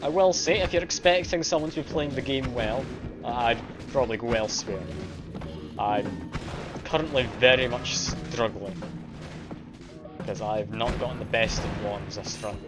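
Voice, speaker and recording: A man's voice: medium pitch, moderate pace, music in the background. A man from Scotland with a mild Scottish accent, chatting casually and self-deprecatingly with viewers while streaming a game. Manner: self-deprecating, chatty, reads and answers chat. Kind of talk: casual live-stream chat while playing.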